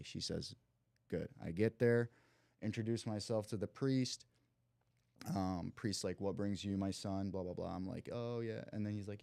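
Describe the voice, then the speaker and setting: A man's voice: fairly low pitch, normal speed, vocal fry, no room sound. A young man from Cleveland, a podcast guest, telling a long story in casual slang and acting out the lines of the people in it. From Cleveland, USA. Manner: lively storyteller who acts out quoted dialogue; loose slang and frequent "like" fillers.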